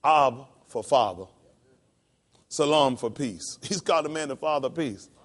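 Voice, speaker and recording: A male pastor preaching a sermon. He calls out to the congregation and climbs into high, emphatic, drawn-out lines. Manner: calls to the congregation with "come on" and "y'all".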